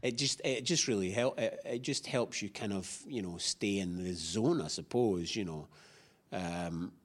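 Chatty man with a low voice. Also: measured pace. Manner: chatty, rambling with many restarts and fillers. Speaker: actor being interviewed. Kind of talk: casual interview chat.

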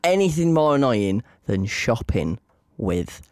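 A man co-hosting a podcast, telling an annoyed story in casual chat and mimicking others in a high voice. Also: very animated, takes it slowly, darkish tone, dry recording, studio quality. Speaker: podcast co-host.

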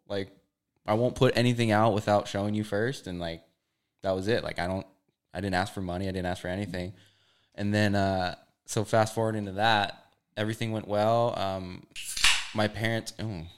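A man from Hawaii with a fairly low voice tells a story as a podcast guest. His delivery is casual and laid-back, full of "like" and easy swearing. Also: clean tone. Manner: laid-back, heavy use of "like", swears freely.

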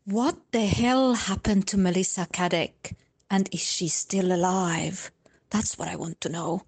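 A woman from the Netherlands sending an excited voice message to a podcast as a listener. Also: lowish voice, a little slow, husky. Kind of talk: recorded voice message.

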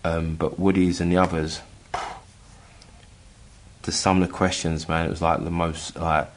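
A middle-aged man from England telling a personal story in casual chat, halting with many restarts and acting out the voices he quotes. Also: low voice, little pitch movement. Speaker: guest telling his story.

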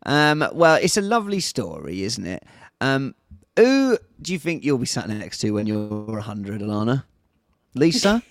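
A man with a Northern English accent, co-hosting a podcast in casual chat, animated and jokey. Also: mid-range voice, normal speed, no room sound, clean studio sound. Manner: animated, jokey, reads news aloud in bursts. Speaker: podcast co-host.

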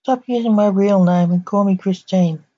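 A woman's voice: medium pitch, moderate pace, warm tone, lightly acted. A woman voicing a cheeky young female apprentice, blunt and offhand, on a dull lo-fi recording.

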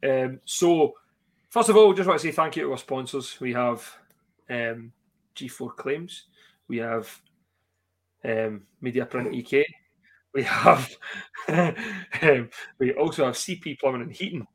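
A man's voice: medium pitch, unhurried, long pauses. Scottish guy hosting a footy podcast, laughs a lot, swears, video call. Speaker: podcast host. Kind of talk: casual fan podcast chat.

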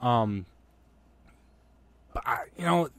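A man's voice: medium pitch, lively intonation, slow pace, clean tone. A man chatting casually about movies, rambling with many fillers and restarts. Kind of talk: casual podcast chat.

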